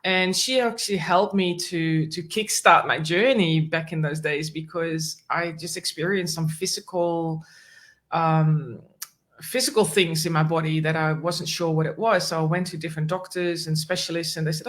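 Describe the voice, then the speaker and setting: A woman's voice: low-pitched, moderate pace. A woman guest on a conversational interview, telling a personal story and acting out the dialogue in it. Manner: animated, acts out quoted dialogue, warm laughs. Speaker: guest, animal communicator.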